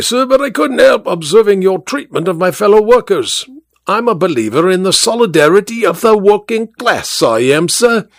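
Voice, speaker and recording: A man's voice: high voice, dry recording, clean studio sound, voice pushed up. A man voicing a preachy working-class male cab driver who lectures in a self-righteous, speechifying way.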